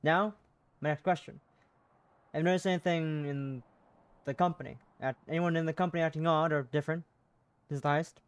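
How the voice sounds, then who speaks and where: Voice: medium pitch, steady tone, fairly quick, pauses often, clean tone, no echo, close to an everyday voice. A streamer reading a courteous detective. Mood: inquiring. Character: courteous detective questioning a witness. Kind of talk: reading a game character aloud.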